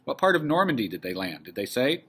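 Man reading a calm, steady father. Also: mid-range voice, fast, breathy edge, exaggerated voice. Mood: warm. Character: calm middle-aged father, family leader.

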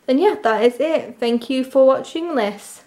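A woman's voice: sits high, unhurried, darkish tone. A young woman chatting casually as she unboxes an album, gushing and full of "like" fillers, squealing when she gets a lucky pull.

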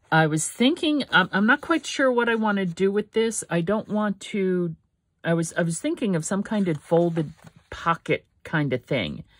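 Hosting a craft channel from her home studio, an older woman talks in a low voice. The vlog is casual, and she rambles and corrects herself while thinking aloud.

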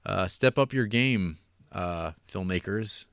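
A man's voice: low-pitched, slow, vocal fry, fairly bright tone, clean tone, no echo. Brief: male co-host, mocking casual tone, dry close sound. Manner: rambling, wry, lots of fillers and mocking. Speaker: podcast co-host. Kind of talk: casual film review chat.

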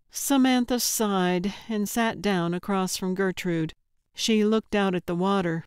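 A woman narrating a cozy mystery audiobook in a measured, even storytelling manner on a close studio mic. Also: medium pitch, clear, resonant tone, no room sound.

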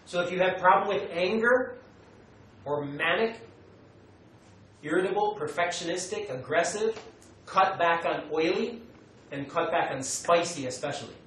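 An American man teaching a class, animated, acting out quotes and telling students what to note down. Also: sits high, normal speed, pauses often. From United States. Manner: animated, acts out quotes, tells students to take notes. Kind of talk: classroom lecture. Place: meditation center lecture room. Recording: echoey room, mic far away, light noise.

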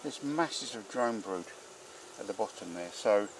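Low gravelly guy keeping bees outside, chatty, keeps going oh crikey, faint buzzing behind. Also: unhurried, a little hiss or hum. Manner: chatty, talks to the bees, excitable exclamations. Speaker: beekeeper. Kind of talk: casual narration while working a hive. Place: outdoors at a beehive.

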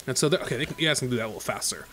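A man's voice: medium pitch, expressive, rapid-fire, fairly bright tone, slight background noise. A man casually commenting on his own gameplay, thinking aloud in a chatty way with many fillers. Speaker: let's play host.

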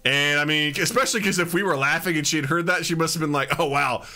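A man's voice: a little high, fast. A male podcast host chatting casually, telling funny stories and acting out his own outbursts. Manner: animated storyteller, acts out his own outbursts. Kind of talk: casual chat.

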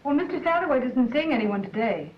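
A dismissive office receptionist answers in a high, lively voice. She sounds distant and roomy, on a muffled 1940s film soundtrack. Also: brisk. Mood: curt. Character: firm office receptionist woman.

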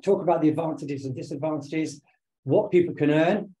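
A man, slightly hoarse from talking all day, giving a conversational online presentation with many filler sounds. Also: on the high side, brisk, dark tone, rough recording. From United Kingdom. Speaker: webinar presenter and business owner. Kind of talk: online presentation over slides.

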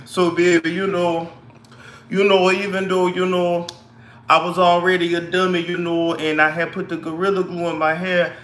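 A man playing a ditzy woman who glued her hair, rambling with drawn-out "baby" and "you know", coughing between lines. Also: high-pitched, level tone, fairly bright tone, slight background noise. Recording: echoey room.

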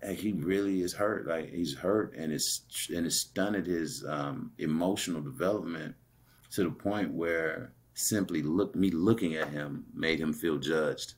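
A man's voice: very deep voice, unhurried, breathy edge. A man, a guest on an interview show, telling a personal story in a conversational way, often laughing as he recounts what was said. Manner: animated, laughing while retelling dialogue.

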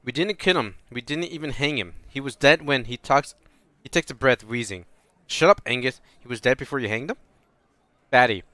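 Man, let's play commentary, bright clear voice, dry close mic, swears and reads game text. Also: mid-range voice, no room sound. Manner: swears freely, reacts loudly, reads dialogue in a flat voice. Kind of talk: casual gameplay commentary with read-aloud dialogue.

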